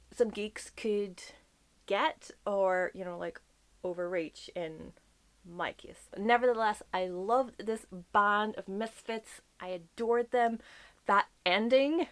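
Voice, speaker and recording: A woman's voice: medium pitch, slow pace. A woman book vlogger chatting casually about her monthly reads, gushing and full of asides. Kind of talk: casual reading wrap-up chat.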